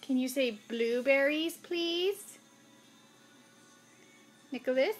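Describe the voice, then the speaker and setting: A young woman with a high, bright pitch talks slowly and patiently, drawing out each word as she coaxes little children to repeat after her. Her prompts are gentle and sing-song, and faint music plays somewhere in the background of this home recording. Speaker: mother filming her toddlers. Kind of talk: home video, coaxing small children.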